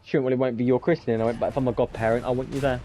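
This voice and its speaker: A man's voice: mid-range voice, flat delivery, very fast, warm tone, soft background music. A young man, casually telling a long story full of swearing and acting out both sides of each conversation. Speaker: gamer streamer.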